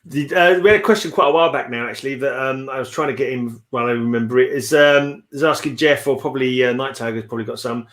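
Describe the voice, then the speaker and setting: A man in casual chat, easygoing and quick to laugh. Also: mid-range voice, a bit bright.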